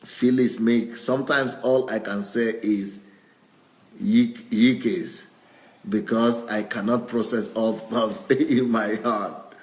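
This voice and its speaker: A male pastor with a low voice reads viewer comments aloud. He chuckles often as he goes. The recording has a roomy echo. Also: steady tone, slow pace. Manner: chuckles often while reading.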